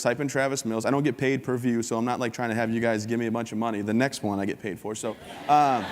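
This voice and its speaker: A man giving a humorous, upbeat motivational talk as a keynote speaker at a conference. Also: medium pitch. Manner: joking, upbeat storyteller. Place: large conference hall. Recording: long hall reverb.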